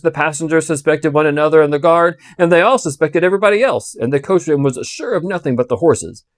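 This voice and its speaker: A man narrating a classic novel with expressive, storytelling delivery. His voice sits a little high and the recording is dry and close, with no room sound. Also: no echo. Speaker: audiobook reader.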